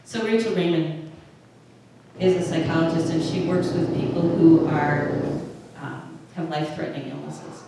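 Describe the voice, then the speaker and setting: A woman's voice: low voice, fairly even intonation, moderate pace. A woman pastor giving a conversational sermon, often stopping and restarting her phrases. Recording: distant mic in a very echoey room with faint noise.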